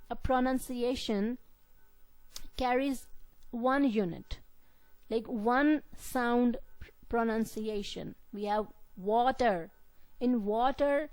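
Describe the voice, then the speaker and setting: A woman teaching a lesson at a slow, careful pace. Her voice sits a little high and she repeats key words for emphasis. The sound is close and dry, with no room echo. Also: darkish tone. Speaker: lecturer. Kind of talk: classroom lecture.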